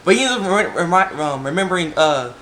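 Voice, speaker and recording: An excitable young man talks through an anime episode in a casual, rambling way, full of fillers and restarts. His voice sits a little high. A faint hiss runs under the recording. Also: fairly quick. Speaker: anime reviewer. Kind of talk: casual video review.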